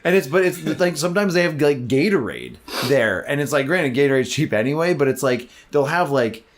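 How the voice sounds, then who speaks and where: A man's voice: a little high, sing-song, a little fast. A man co-hosting a comedy podcast, rambling casually with lots of fillers and restarts. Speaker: podcast co-host.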